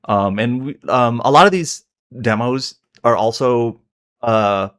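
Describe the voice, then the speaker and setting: A man's voice: mid-range voice, slow pace, fairly bright tone, smooth. A man co-hosting a casual podcast, rambling through his account with many fillers and self-corrections. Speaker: podcast co-host.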